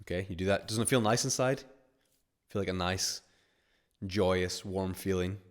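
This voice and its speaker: Lowish-voiced guy coaching a webinar, rambly, lots of like, acts stuff out. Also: moderate pace. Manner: rambling, filler-heavy, acts out little scenarios. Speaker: webinar host and money-mindset coach. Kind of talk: casual webinar teaching.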